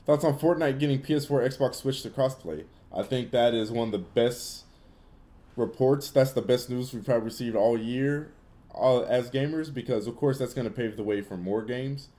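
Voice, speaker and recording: Answering his chat during a laid-back gaming Q&A stream, this young man talks loosely with plenty of fillers and doesn't hold back his opinions. He has a warm, mid-range voice and keeps a moderate pace.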